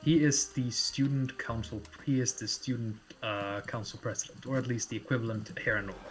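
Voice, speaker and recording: Male tabletop game master, mid-pitched, casual narration with plenty of fillers. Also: steady tone, fairly quick, faint music behind, rough recording.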